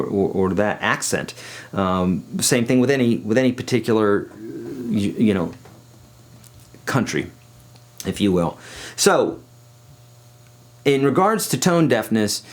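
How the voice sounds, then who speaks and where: A middle-aged man, a guitar teacher, talking casually in a home studio video lesson, chatty, with restarts and fillers. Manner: sings pitches to demonstrate.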